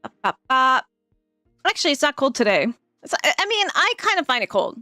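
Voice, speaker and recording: A woman's voice: sits high, sing-song, fast talker, sharp tone, no echo, studio quality, faint music behind. A woman streamer chatting casually on a live stream, giggling often and rambling through plenty of fillers.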